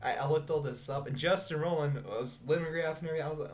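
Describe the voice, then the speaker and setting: A man's voice: on the high side, fast talker. A man hosting a podcast in casual, rambling chat, laughing often and swearing casually. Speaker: podcast host.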